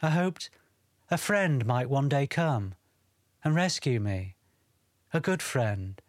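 A man voicing a gentle, shy young woman freed from a spell, speaking softly in an audiobook. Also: medium pitch, expressive, takes it slowly, no echo, studio quality. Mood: tender. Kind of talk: audiobook character reading.

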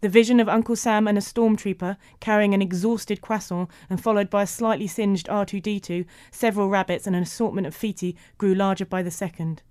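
A woman narrating a storybook in an even, measured way. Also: mid-range voice, no room sound.

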